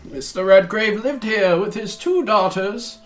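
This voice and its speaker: Give me a man voicing a sweaty, nervous banker in a tabletop game, high and fussy, dodging questions. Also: unhurried, faint music behind. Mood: pompous. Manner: fussy, flustered, evasive. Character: plump sweaty nervous male bank clerk.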